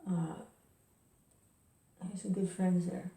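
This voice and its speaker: A woman who rambles and chuckles through a casual spoken reflection, chanting softly between her thoughts. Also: on the low side, moderate pace, pauses often. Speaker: devotee sharing reflections. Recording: roomy distant recording.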